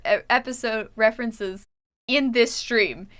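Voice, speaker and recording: Bright chatty Canadian woman. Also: fairly high pitch, unhurried. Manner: chatty, laughs easily. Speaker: streamer. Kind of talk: casual chat while gaming.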